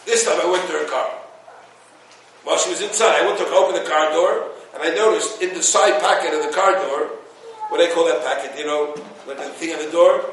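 A man's voice: a little high, a little fast, fairly bright tone. A man giving an informal Torah talk, telling a story, acting out the quotes and laughing at his own jokes. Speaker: Torah teacher. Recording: echoey room, distant mic, faint noise.

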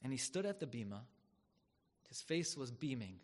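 A man giving a sermon as a story. He talks with drama and turns loud and high when he acts out the people in it. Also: sing-song, moderate pace. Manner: dramatic, swells loud and high when acting out quoted rabbis. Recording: long hall reverb.

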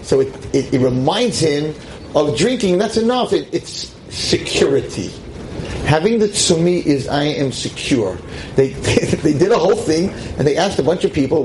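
A man teaching a lively class to a seated audience as a rabbi, emphatic and exclamatory. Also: background noise. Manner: emphatic, exclamatory, with sudden swings in pitch.

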